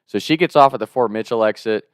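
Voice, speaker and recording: Animated young man telling a story. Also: lowish voice, quick pace, no echo, clean studio sound. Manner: animated, swears, laughs while telling. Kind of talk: casual spoken anecdote.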